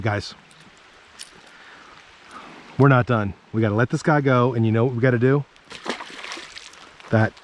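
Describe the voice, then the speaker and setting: A man fishing from a creek bank outdoors, giving excitable casual commentary and talking to himself and his viewers. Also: medium pitch, slight background noise. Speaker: fishing vlogger.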